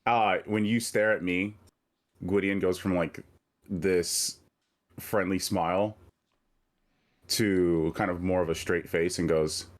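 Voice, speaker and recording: A man playing a tabletop game, speaking in character in a slow, deliberate, musing way. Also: deep voice, steady tone. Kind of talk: in-character roleplay.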